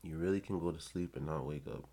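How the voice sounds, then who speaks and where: A man's voice: extremely low pitch, quick pace, warm tone. A man giving blunt, profane advice in a casual rant to his viewers.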